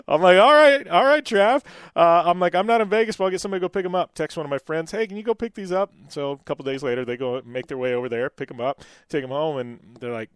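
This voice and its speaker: A middle-aged man hosts a motorsports-style radio show and rambles through a story, full of restarts and "um"s. His voice sits a little high for a man. The recording is dry and close, with no room sound. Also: rapid-fire, few pauses, dry recording. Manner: rambling, many fillers and restarts. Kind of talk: casual radio chat and storytelling.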